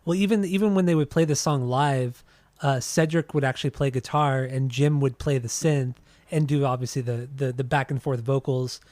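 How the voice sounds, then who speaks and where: A man's voice: medium pitch, steady tone, moderate pace, darkish tone, dry recording. A young man co-hosting a podcast, talking casually about an album with many restarts and casual swearing. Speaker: podcast co-host. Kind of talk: casual music review chat.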